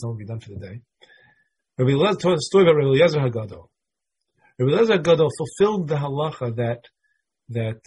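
A man's voice: medium pitch, a little mellow, slightly rough. A middle-aged man teaching a Torah class in a casual, conversational way, thinking aloud as he explains the texts.

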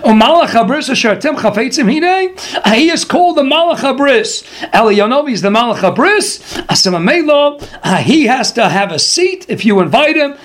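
A man giving an animated Torah lecture as a rabbi. He tells stories with energy and acts out the people he quotes. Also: very high-pitched, a little fast. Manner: lively storyteller who acts out quotes. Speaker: rabbi teaching a Torah class.

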